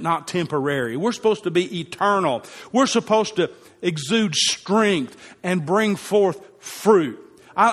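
Man, preacher, sermon, high voice, emphatic repetition, long hall echo. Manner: emphatic, repeats phrases for effect.

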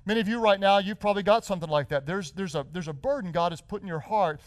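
A middle-aged man preaching a sermon in a notably high voice. He tells his story with stumbles and repeated words, then builds into a rousing, rhythmic cadence. The sound is dry and close, with no room echo. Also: fast. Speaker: pastor.

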